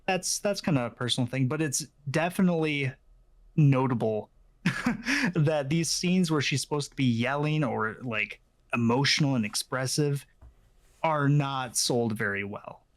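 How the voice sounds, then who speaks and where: A man's voice: medium pitch, animated. Man explaining in casual chat. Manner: measured, explaining with many fillers. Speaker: podcast co-host.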